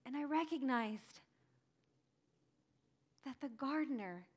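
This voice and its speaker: A woman acting a grieving early follower in a first-person dramatic monologue, telling it breathlessly and crying out in high bursts. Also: animated, takes it slowly, slightly rough, full character voice. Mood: wondering. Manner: emotional, breathless storytelling, cries out in high bursts. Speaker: church dramatic monologue performer.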